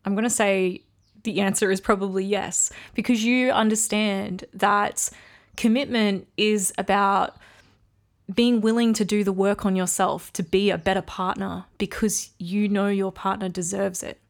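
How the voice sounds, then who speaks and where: A woman's voice: medium pitch, steady tone, measured pace. A woman hosting a solo podcast, talking candidly and reflectively about her relationship, with frequent ums. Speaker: podcast host. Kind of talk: casual solo podcast talk.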